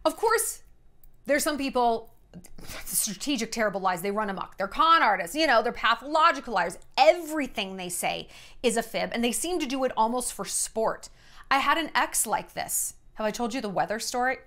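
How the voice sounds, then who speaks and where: A woman's voice: fairly high pitch, normal speed. A woman in her thirties talking to camera in a casual, sarcastic vlog, acting out quotes as she tells stories. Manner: chatty, sarcastic, animated quoting of others. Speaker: vlogger. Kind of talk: casual storytelling monologue.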